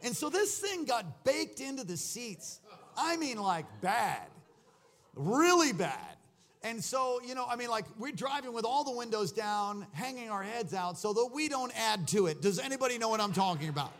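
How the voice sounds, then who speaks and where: A man's voice: very high-pitched, expressive, moderate pace, fairly bright tone. A man preaching a sermon, telling a rambling story full of fillers and restarts, then exhorting his congregation. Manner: rousing, exhorting. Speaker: pastor.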